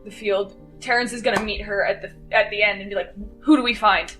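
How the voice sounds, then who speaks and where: A woman player in a tabletop game, excited and quick, repeating herself. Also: mid-range voice, faint music behind.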